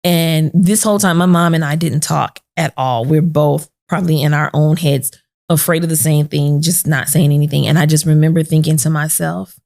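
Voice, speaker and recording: This podcast host, a woman, has a low-pitched, gravelly and slightly mellow voice, keeping a steady tone at normal speed. Seated for a podcast conversation, she relates an emotional personal story and imitates the people in it.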